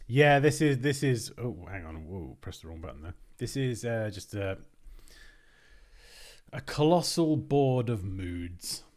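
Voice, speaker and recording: A man's voice: on the low side, big pitch swings, a little slow, darkish tone. A British man hosting a design livestream, chatting casually and thinking aloud as he works. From Britain. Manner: rambling, thinks aloud, restarts phrases.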